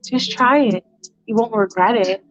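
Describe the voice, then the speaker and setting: Pushy teasing young woman, woman doing the voice, highish, muffled sound. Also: measured pace, no echo, natural voice.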